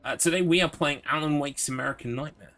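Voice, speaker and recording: A man's voice: a little high, quick pace, fairly bright tone. A man streaming a game live, chatting in an upbeat way, reading chat aloud and laughing often.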